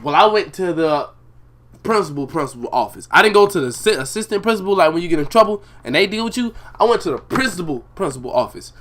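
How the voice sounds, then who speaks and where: A young man tells a school story in heavy street slang, lively and full of swagger, slipping into the voices of the people in it. His voice sits a little high for a man and swings widely in pitch. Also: fast talker, slight background noise. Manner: animated, profane street slang, acts out the other voices. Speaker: streamer telling a storytime. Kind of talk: casual storytime over gameplay.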